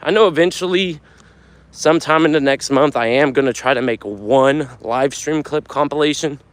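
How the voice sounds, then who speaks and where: A young man with a fairly high voice talks on a casual live stream, reading out viewer comments. He swears freely and gets loud as he tells his stories. His phone camera picks him up up close. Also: moderate pace, no room sound. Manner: animated storyteller, swears a lot, gets loud when telling a story.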